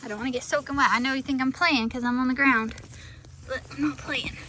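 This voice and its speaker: A high-pitched woman with a drawl, talking outside on her farm and half-shouting into her phone so she carries without a mic. Faint animal sounds sit in the background. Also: fairly even intonation, fast, slight background noise. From Florida. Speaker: farm vlogger. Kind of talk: casual vlog narration. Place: outdoors on a farm. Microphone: phone camera, no external mic.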